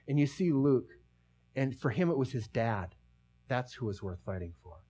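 A man's voice: mid-range voice, animated, normal speed. Rambling, conversational male pastor. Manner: conversational, rambling with many restarts, drops to a hush for emphasis. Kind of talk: sermon.

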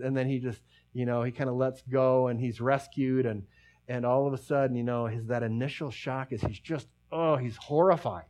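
Middle-aged male pastor, mid-pitched, chatty sermon delivery that wanders and falls quiet to stress a point. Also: steady tone, normal speed. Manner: conversational, rambling with many restarts, drops to a hush for emphasis.

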